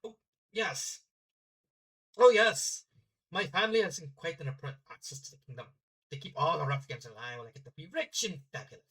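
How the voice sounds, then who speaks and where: A man's voice: a little high, lively intonation, normal speed, bright, forceful tone, low-quality recording. A man voicing a haughty rich young noble girl with a put-on Norse accent, boastful and showy. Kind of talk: fanfiction reading.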